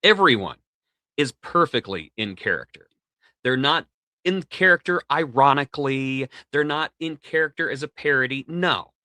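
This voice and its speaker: A man co-hosts a podcast and recaps an episode with theatrical, jokey enthusiasm. His pitch swoops widely. His voice has a bright edge and sits close on a dry mic. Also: animated, moderate pace, no echo. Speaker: podcast co-host.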